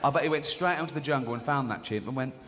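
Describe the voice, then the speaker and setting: A man's voice: medium pitch, fast talker. A middle-aged man doing stand-up comedy, cheeky and chuckling, with mock apologies. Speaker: comedian and awards host. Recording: loud noise, long hall reverb.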